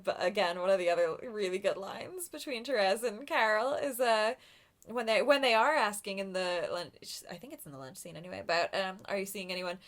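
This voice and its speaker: A woman's voice: medium pitch, a little fast. A woman co-hosting a podcast, chatting casually about a film, chatty and giggly, often trailing off into asides. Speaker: podcast co-host.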